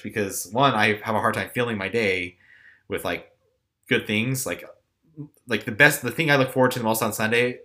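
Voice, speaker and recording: A man's voice: lowish voice, bright, forceful tone. A young man hosting a podcast, talking candidly and ramblingly about himself with self-deprecating asides. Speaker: podcast host. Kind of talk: casual personal reflection.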